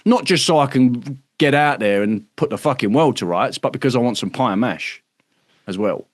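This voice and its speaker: With lively intonation at a normal speed, a medium-pitched British man hosts an online workshop, speaking casually to members on a livestream. Expect emphatic delivery, plenty of swearing, frequent "right?" tags, and impressions of others mid-talk. There's no room sound.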